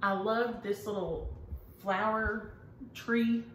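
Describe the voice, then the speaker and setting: A middle-aged woman presents her needlework in a casual, enthusiastic vlog chat, taking it slowly. Her medium-pitched voice is steady and fairly bright, and the echoey room carries faint ambient noise.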